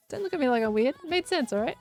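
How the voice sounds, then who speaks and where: A woman's voice: sits high, lively intonation, fairly quick, soft background music. Giggly Australian woman chatting on stream. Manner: giggly, playful, laughs often. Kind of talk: casual chat while gaming.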